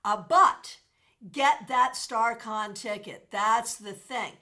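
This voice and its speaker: A woman hosting a casual livestream, chatting with her viewers and thanking them by name. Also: slow pace. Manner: animated, with sudden jumps in pitch and loudness. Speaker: tarot reader and livestream host.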